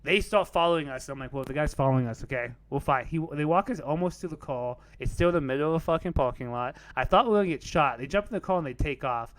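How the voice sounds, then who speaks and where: A man's voice: on the high side, fast talker, few pauses. A young man casually telling a rambling story on a podcast. He peppers it with "like" and curse words and laughs at his own tale.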